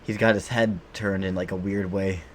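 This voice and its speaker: Low-voiced man rambling over gameplay. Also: little pitch movement, moderate pace, slight background noise. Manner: rambling, many fillers and restarts. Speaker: game streamer. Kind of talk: casual gameplay commentary.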